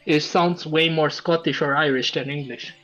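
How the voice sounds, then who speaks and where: A man's voice: on the high side, fairly even intonation, normal speed, a bit bright, lo-fi sound, faint music behind. A man hosting a casual live stream, chatting and joking with his guests. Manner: chatty, laughs often, jokes with guests. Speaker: stream host.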